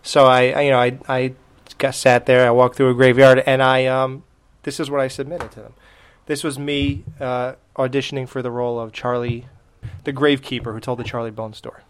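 A man co-hosting a horror podcast chats casually and rambles, restarting often and laughing a lot. His medium-pitched voice stays fairly flat, runs a little fast, and sounds smooth.

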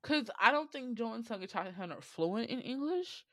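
Woman, podcast co-host, casual, very lively pitch, laughs and swears, dry sound. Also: normal speed, no room sound. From United States. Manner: animated, swears freely, laughs often. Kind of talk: casual chat.

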